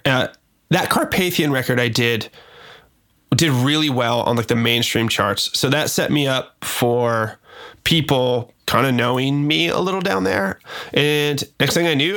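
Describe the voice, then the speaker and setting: A man's voice: medium pitch, moderate pace, fairly bright tone. An American man, a record producer, talking loosely and profanely in a casual podcast chat. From United States. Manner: loose and profane, many fillers.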